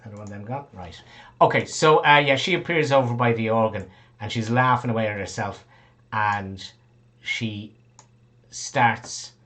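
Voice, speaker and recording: A man's voice: fairly low pitch, normal speed, fairly bright tone. A man narrating a tabletop game as game master, rambling, swearing casually and laughing often.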